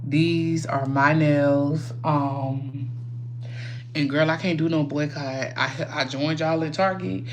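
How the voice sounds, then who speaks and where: A woman's voice: low-pitched, fairly even intonation, takes it slowly, a little hiss or hum. A woman hosting a casual livestream while doing her makeup, chatty and rambling, swearing freely and talking straight to her viewers. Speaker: livestream host.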